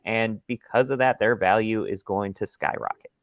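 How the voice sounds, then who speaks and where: This man has a low voice and talks casually and with confidence as a podcast co-host. The sound is dry and close, with no room around it. He gives opinionated sports takes over a remote call. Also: moderate pace, no echo. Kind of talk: casual fantasy football chat.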